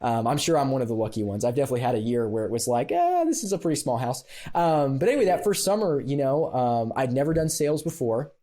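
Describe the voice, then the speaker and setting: A man with a mellow, warm voice sits as a podcast guest and tells a story from his own life. He talks casually and animatedly, laughing often and scattering fillers through his sentences. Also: mid-range voice, lively intonation, fast talker, hardly any pauses.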